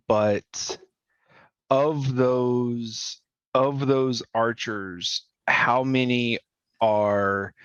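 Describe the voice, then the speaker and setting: A man's voice: on the low side, a bit bright, no echo, highs cut off. A man playing a tabletop game, thinking aloud about his moves in a methodical way. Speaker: player.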